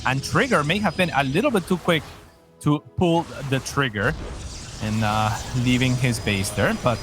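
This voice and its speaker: A man casting a live strategy game match, analytical and animated, often restarting his sentences. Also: mid-range voice, moderate pace, over music. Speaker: esports caster.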